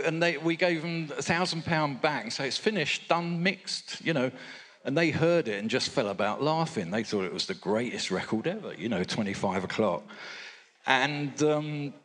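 An older record producer, interviewed on stage at a fan convention, telling rambling anecdotes with lots of fillers and asides. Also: male voice, mid-range voice, a bit bright. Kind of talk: relaxed anecdotal storytelling.

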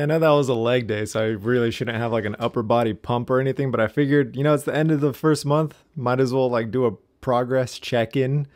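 A man's voice: medium pitch, darkish tone, no room sound. A young man chatting casually and upbeat to the camera in a gym, joking about himself and calling people dude. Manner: upbeat, chatty, self-deprecating, says dude. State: out of breath after sets. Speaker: fitness vlogger. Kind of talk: casual vlog chat.

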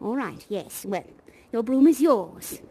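A woman's voice: fairly high pitch, expressive, slow pace, mellow, a little hiss or hum, low-quality recording. A woman playing a doting, eccentric female leader of a sweepers' union in a virtual reality game, leading a theatrical, solemn oath with pet names for everyone. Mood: exuberant. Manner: solemn, ceremonial oath-giving.

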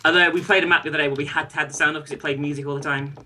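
Giggly, very bright-voiced gamer. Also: mid-range voice, fairly even intonation, very fast, a little hiss or hum. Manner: giggly, rude humor. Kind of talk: casual game chat. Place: bathroom.

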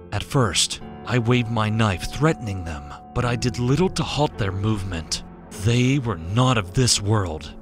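Slow, low-voiced male horror narrator. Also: a bit bright. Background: faint background music.

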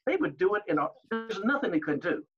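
An older man telling stories as an interview guest, animated, acting out the exchanges he recalls. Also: high voice, quick pace, highs cut off, faint music behind. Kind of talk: storytelling in an interview.

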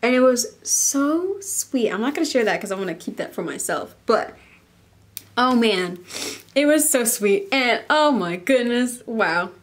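A woman's voice: fairly high pitch, lively intonation, unhurried. A young woman, chatting to camera in a casual, bubbly and emotional way. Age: young adult. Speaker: vlogger.

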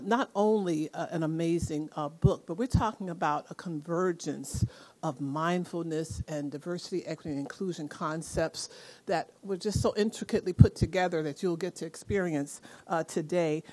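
Brief: woman university executive, lower voice, upbeat event emcee rallying the crowd. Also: a little mellow. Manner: enthusiastic, rallying the audience. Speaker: university senior vice president, event emcee. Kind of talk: event welcome speech. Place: event hall.

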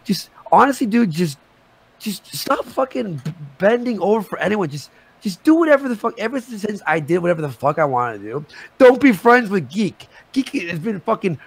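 A man in his thirties arguing heatedly on a live stream, agitated and swearing, talking in quick bursts full of restarts. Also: sits high, very animated, vocal fry, slightly rough. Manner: agitated, swearing, rapid shifts in loudness.

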